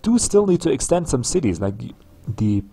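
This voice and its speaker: A man's voice: mid-range voice, sing-song, normal speed, warm tone, husky. A man giving casual let's play commentary on a strategy game, musing aloud with frequent ums and restarts. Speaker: gameplay commentator.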